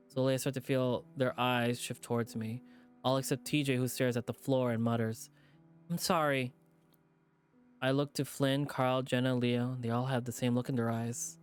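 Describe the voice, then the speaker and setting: A stressed streamer narrating a visual novel, rattled and muttering in disbelief. The voice sits at a middling pitch, with soft music playing faintly behind. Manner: rattled, repeating itself, swearing under its breath. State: stressed, shaken. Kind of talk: reading a game aloud with character voices.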